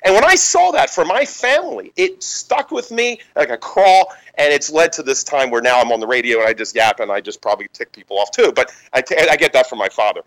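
A man's voice: a little high, brisk, hardly any pauses, rough recording. A man in his thirties hosting a political talk radio show, rambling and restarting as he tells stories. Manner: rambling, animated, frequent restarts. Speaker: radio host.

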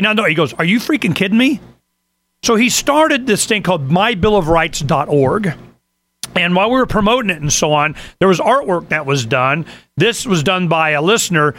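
Male talk radio host, casual rambling monologue, bright forceful tone. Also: a little high. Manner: rambling, conversational, many fillers and asides.

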